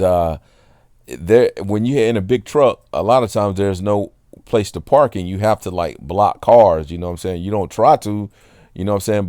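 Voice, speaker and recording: A man's voice: sits low, a little mellow, clean tone, no room sound, clean studio sound. A man sharing a casual Christian testimony in an earnest, rambling way, often checking that the listener is following. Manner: earnest, rambling, keeps asking "you know what I'm saying". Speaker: water delivery driver.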